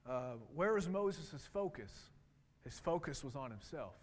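A man's voice: on the high side, very animated, a little slow. A man in his thirties preaching a sermon in a conversational way, with lots of restarts. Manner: conversational, with many fillers and restarts. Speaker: pastor. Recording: long reverb in a hall.

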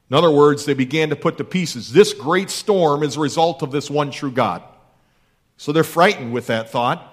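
A man preaching a sermon in a conversational, emphatic way, repeating key phrases. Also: a little high. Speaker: pastor.

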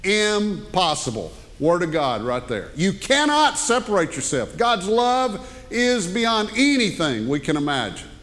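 An older man preaching a sermon as pastor, folksy and animated, joking with the congregation. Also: high-pitched, a little slow, few pauses. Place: church sanctuary. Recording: long hall reverb.

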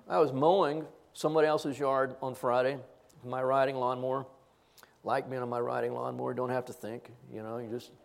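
Gravelly, lively older male preacher. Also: medium pitch. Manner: animated, rhetorical questions, self-deprecating humor. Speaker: pastor. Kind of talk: sermon.

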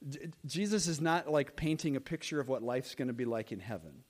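A man pastor preaching a sermon in an animated, emphatic way. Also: medium pitch, fairly quick.

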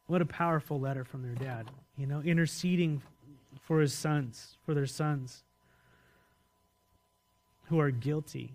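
A man's voice: on the high side, normal speed, pauses often, darkish tone. A man preaching a sermon as pastor, conversational and often putting questions to the congregation.

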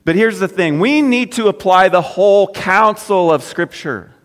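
A man preaching a sermon in a conversational way, his voice dropping low and soft at the ends of phrases. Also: animated, normal speed, big-room sound. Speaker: pastor.

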